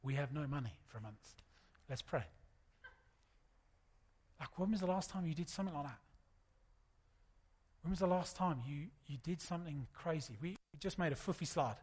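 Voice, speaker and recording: Conversational preacher, fairly high voice. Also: male voice, moderate pace, pauses often, a little mellow, slightly rough. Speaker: pastor. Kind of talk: sermon.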